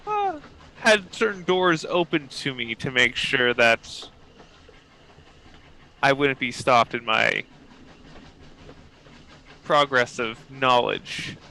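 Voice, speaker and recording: A man voicing a proud, formal woman professor in a tabletop role-play, speaking in a measured, precise way. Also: medium pitch, sing-song, sharp tone, exaggerated voice, rough recording. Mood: earnest. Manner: measured, precise, faintly haughty.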